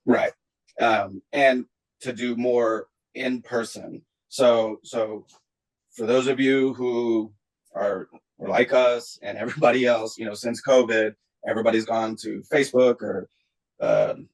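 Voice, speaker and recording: A man on a video call speaking haltingly, with many ums and pauses. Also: medium pitch, low-quality recording. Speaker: team member on a video call. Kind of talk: casual meeting talk.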